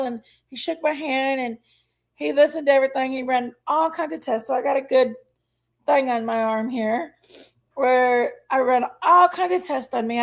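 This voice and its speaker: High, gravelly woman chatting live. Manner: chatty, greets viewers by name, says honey and y'all; emotional, open about personal struggles. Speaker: livestream host. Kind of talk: casual chat with live viewers.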